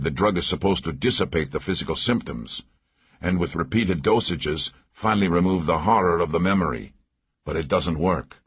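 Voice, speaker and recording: A man's voice: sits low, breathy edge, no room sound. A man voicing a desperate, guilt-ridden middle-aged father who confesses in a strained way. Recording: dull lo-fi audio.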